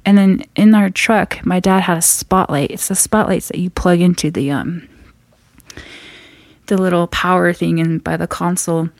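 A young woman from the Navajo Nation telling a true scary story from her own life. She halts and restarts as she builds suspense, and often drops to a hushed whisper at the tense moments. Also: on the low side, steady tone, normal speed, no echo, studio quality. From Navajo Nation, US Southwest. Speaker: guest storyteller.

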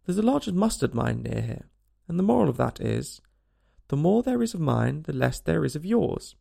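A fussy old duchess who turns everything into a moral, as a man puts her on. She speaks in a sing-song, lifted voice with a gravelly rasp and wide, bouncing pitch. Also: sing-song, moderate pace, warm tone, full character voice. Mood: preachy. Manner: preachy, agreeable, sing-song.

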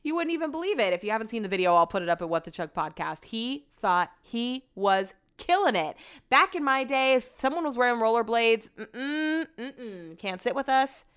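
A woman's voice: fairly high pitch, expressive, fairly quick, a bit bright, clear, resonant tone. A woman hosting a podcast, telling a story in a chatty, sarcastic way and swearing freely. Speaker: podcast host.

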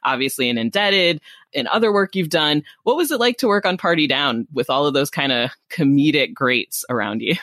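An enthusiastic interviewer who gushes over a guest's past roles in a casual chat. The voice is recorded close and dry, with no room around it, and sits at a middle pitch. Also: animated, a little fast, a bit bright, no room sound. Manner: enthusiastic, gushing fan.

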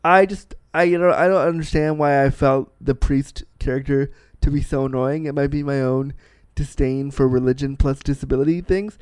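A man's voice: medium pitch, steady tone, moderate pace, darkish tone, clean tone, no echo. A man in his thirties giving a candid, casual film review, blunt and profane, with self-deprecating asides.

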